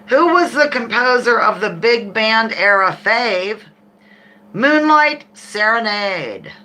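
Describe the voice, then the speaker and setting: A middle-aged woman hosting a live trivia game, reading questions slowly and chatting and laughing with viewers. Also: medium pitch, pushed and bright, slight background noise.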